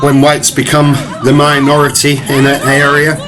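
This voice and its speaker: A man's voice: on the high side, completely flat delivery, moderate pace, crowd noise. Man ranting with scornful laughs. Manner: scornful, profane, with mocking laughs. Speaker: vlogger reacting to clips. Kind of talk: ranting commentary over video clips.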